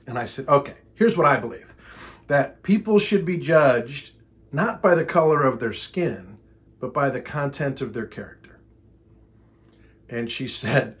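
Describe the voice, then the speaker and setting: A middle-aged speaker and trainer with a mid-range voice tells a story casually at a measured pace. He animatedly acts out both sides of an exasperated argument, quoting the dialogue.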